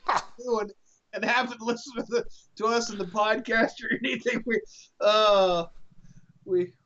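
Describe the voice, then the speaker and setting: A co-host of a gaming stream chatting casually, halting and repeating words, laughing often. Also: mid-range voice, fairly even intonation, fairly bright tone. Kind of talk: casual chat while playing an online game. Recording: dull lo-fi mic.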